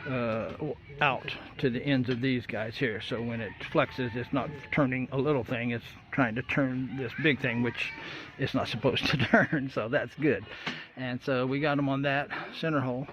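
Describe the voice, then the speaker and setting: A man's voice: medium pitch, fairly even intonation, moderate pace, hardly any pauses. A man giving a casual, rambling walkthrough of his boat-building work in an open-air workshop, with many fillers and folksy asides. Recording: dull lo-fi audio, loud roosters and traffic.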